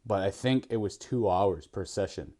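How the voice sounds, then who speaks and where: A man's voice: fairly low pitch, normal speed, dark tone. A man hosting a podcast, chatting casually and rambling with frequent laughs. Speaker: podcast host. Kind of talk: casual chat.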